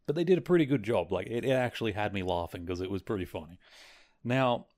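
Male podcast host, lowish voice, loose conversational recap delivery, plenty of filler words. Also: animated, fast, darkish tone. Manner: rambling, filler-heavy, amused. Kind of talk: casual solo episode recap.

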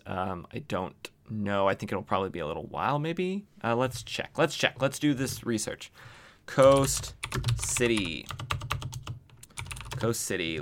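A man's voice: lowish voice, fairly bright tone, clean tone. A man hosting a podcast, recapping a comic in a rambling, self-mocking way while he thinks aloud. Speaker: podcast host. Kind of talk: casual comic book recap.

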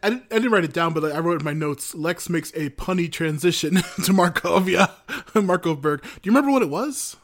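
Guy co-hosting from home, teasing his buddy and laughing a lot, slightly high voice. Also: expressive, fairly quick, few pauses, fairly bright tone. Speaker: podcast co-host. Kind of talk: casual podcast banter. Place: home, remote recording.

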